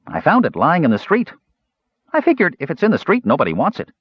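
A small, cheerful kender who chatters eagerly, his voice high and lively, as a man puts him on. The sound is dull and dry, like a lo-fi home recording. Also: fast talker, breathy edge, no echo, exaggerated voice.

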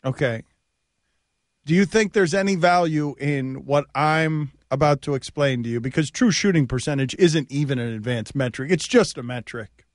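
Animated sports radio host man. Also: fairly high pitch, normal speed, no room sound, studio quality. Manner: animated, laughing, storytelling. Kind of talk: casual sports talk radio. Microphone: studio mic.

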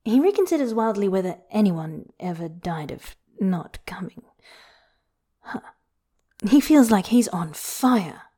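A woman reading a story aloud with an intimate, hushed delivery that slips into whispers. Her tone is mellow and warm. The pitch sits in a middle range for a woman. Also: very animated, a little slow, slightly rough. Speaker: podfic reader. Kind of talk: expressive story narration.

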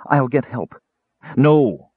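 A man lifting his voice to play a proud young priestess, indignant and wary, the words pitched well above his own. It sounds husky and comes through a thin, phone-like line. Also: big pitch swings, moderate pace, no echo. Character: proud, fearful young female cleric. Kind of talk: audiobook character voice. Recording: tinny phone-like audio.

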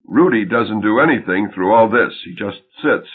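A man narrating an audiobook in a husky voice. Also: fairly low pitch, expressive, normal speed. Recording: tinny phone-like sound.

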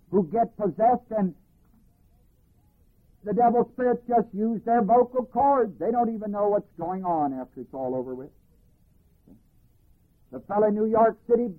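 A man teaching a Bible class, reading verses and explaining them deliberately, phrase by phrase. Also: sits high. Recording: tinny archival phone-band recording.

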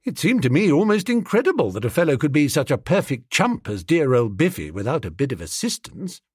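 Husky man reading a story aloud. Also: on the high side, very animated, fairly quick, no room sound, studio quality. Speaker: audiobook narrator. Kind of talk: first-person storytelling.

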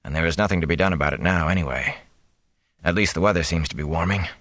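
A man voicing a wounded middle-aged farmer father who speaks low, hushed and tired. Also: fast, no room sound. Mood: weary, hushed.

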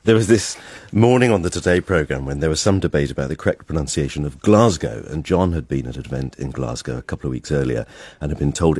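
A man, a former colleague, telling a lively anecdote at a round table. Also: very deep voice, fast talker, breathy edge, dry recording.

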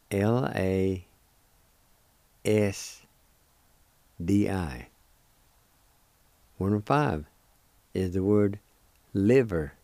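A man hosting a radio language lesson, speaking slowly and deliberately and breaking words into syllables that he says again and again. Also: fairly low pitch, mellow, no echo. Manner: spells out and repeats words syllable by syllable. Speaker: radio host teaching Cherokee words.

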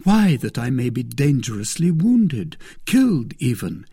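A man voicing a young gallant swordsman in an audiobook, speaking in a calm, caressing, persuasive way. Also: medium pitch, a little slow, creaky, slightly rough, exaggerated voice. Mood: tender.

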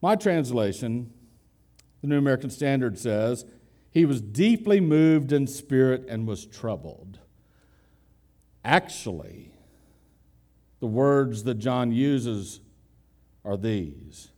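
A man preaching a conversational expository sermon, putting questions to his listeners and slowing down to stress key words. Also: medium pitch, very animated, mellow. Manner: conversational, asks the congregation questions. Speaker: pastor.

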